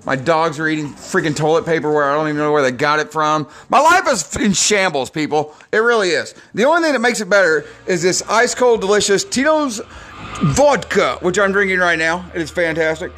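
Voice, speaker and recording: A man's voice: on the high side, expressive, brisk, fairly bright tone, soft background music. A man of forty, hosting a drinking podcast, ranting in a sarcastic, self-deprecating way with plenty of swearing. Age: 40s. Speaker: podcast host. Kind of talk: drunk comedic rant.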